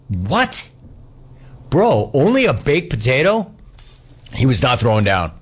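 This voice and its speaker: Man, talk show host, lively swooping pitch, fast storytelling, playful voices. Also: husky. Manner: animated, fast, does voices. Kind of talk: casual storytelling and call-ins.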